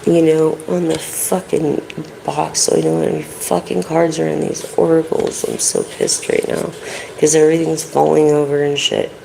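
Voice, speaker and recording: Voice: mid-range voice, big pitch swings, moderate pace, gravelly, mellow, slight background noise, poor audio. A tarot and oracle card reader giving a casual live-stream reading, rambling, swearing constantly and chatting straight to viewers by name.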